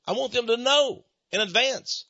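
Speaking with an extremely high pitch at a normal speed, this American man has a sharp tone. A Christian speaker on Freemasonry, he tells a sermon story, animatedly acting out both sides of conversations. The audio has no room sound but is dull, muffled and lo-fi.

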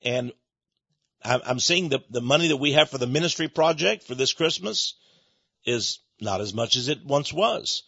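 Man, folksy earnest radio preacher, bright husky voice, dull lo-fi sound. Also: medium pitch, animated, normal speed, no room sound. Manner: folksy, earnest, emphatic with frequent restarts. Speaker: ministry leader and program host. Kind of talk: radio ministry appeal and Bible teaching.

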